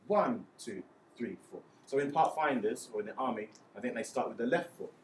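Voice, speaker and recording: A man's voice: mid-range voice, animated, brisk, a little hiss or hum. A man teaching hymn music theory step by step, patiently counting beats aloud and often checking in with "okay?". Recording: echoey room, voice a bit far from mic, faint ambience.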